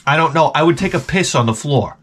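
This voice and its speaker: A man's voice: a little high, expressive, fairly quick, husky. Rambling, foul-mouthed man. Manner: rambling, swears a lot, drops into mouth sound effects. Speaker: retro gaming vlogger. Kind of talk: rambling profane monologue.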